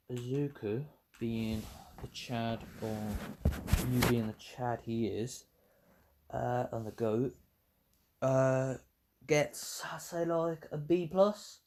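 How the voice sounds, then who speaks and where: A man's voice: medium pitch, darkish tone. A man tells a fan story in a loose, casual way. He rambles, stops to correct himself and swears freely, with a mid-range voice. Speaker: YouTuber telling a fan story.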